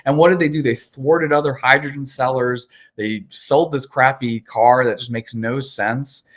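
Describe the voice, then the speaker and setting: A man who is an attorney, speaking as an interview guest, candid and animated with frequent fillers. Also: mid-range voice, normal speed.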